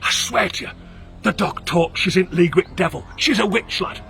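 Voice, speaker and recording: A man's voice: sits high, moderate pace, creaky, full character voice. A man doing a frantic cursed peddler. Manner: shouting, accusing, raised voice. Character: gruff middle-aged male peddler, cursed and frantic.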